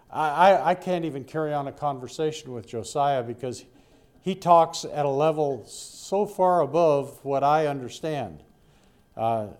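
A man's voice: mid-range voice, darkish tone. An older man preaching a Bible-study sermon in a folksy, rambling way, with asides to his listeners.

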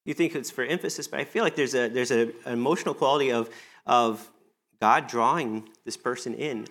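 A man's voice: normal speed, a bit bright. A man preaching a conversational sermon to his church, earnest and reflective, acting out quoted lines as he goes. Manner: conversational, earnest, often acts out quoted lines with rising pitch. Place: church service.

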